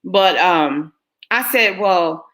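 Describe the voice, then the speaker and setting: A woman's voice: on the low side, moderate pace, sharp tone. A middle-aged woman, telling a personal story to her viewers in an earnest, emotional way. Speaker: vlogger.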